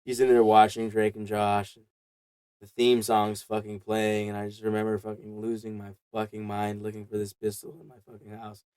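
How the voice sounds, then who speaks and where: A man's voice: on the low side, completely flat delivery, moderate pace, darkish tone, clean tone, no room sound. A man hosting a podcast, telling long rambling stories full of swearing in a casual chat. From Mexico. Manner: rambling profane storytelling. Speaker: podcast host.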